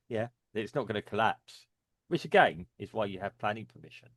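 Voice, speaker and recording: A man's voice: lowish voice, expressive, moderate pace, no room sound. A man co-hosting a casual discussion, rambling with many fillers and frequent chuckles. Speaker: podcast co-host.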